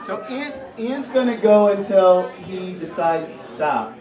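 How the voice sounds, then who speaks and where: A man's voice: sits high, animated, slow pace. A man co-hosting a live poetry night, joking with silly wordplay and rallying the audience in a bar venue. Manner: playful, silly wordplay, hyping the crowd. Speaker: poetry show co-host. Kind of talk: live hosting and playful rhyming. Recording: echoey room from a distant mic with loud crowd.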